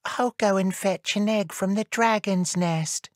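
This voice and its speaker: A woman voicing a shy, brave young boy elf in a read-aloud storybook, speaking in a soft, shy way. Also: mid-range voice, measured pace, no room sound, clean studio sound, close to an everyday voice.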